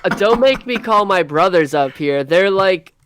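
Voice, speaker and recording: Co-host: playful guy, high-pitched, quick jokes. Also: animated, fairly bright tone, a little hiss or hum. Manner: joking, playful banter. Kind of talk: casual chat.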